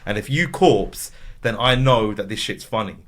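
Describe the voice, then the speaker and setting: A man, chatting casually as an interview guest and telling lively stories. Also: lowish voice, normal speed. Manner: animated storytelling with voiced impressions. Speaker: comedy actor and writer, guest.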